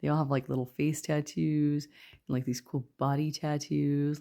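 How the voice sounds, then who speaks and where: A woman giving a casual, rambling tarot reading, talking quietly with lots of fillers. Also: low voice, level tone, moderate pace, vocal fry. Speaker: tarot reader.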